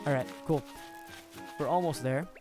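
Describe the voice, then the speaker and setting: A man's voice: on the high side, normal speed. A man chatting casually through a gaming livestream, rambling and correcting himself, often chuckling. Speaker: streamer. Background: game music.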